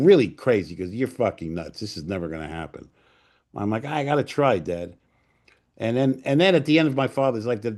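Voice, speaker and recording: A man in his sixties with a somewhat low voice, spinning profane stories from his career. He is from Port Chester, New York, and slips into quick impressions of the people he quotes. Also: vocal fry, a little mellow. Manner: salty, profane anecdotes acting out others' lines. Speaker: guest filmmaker. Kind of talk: casual storytelling interview.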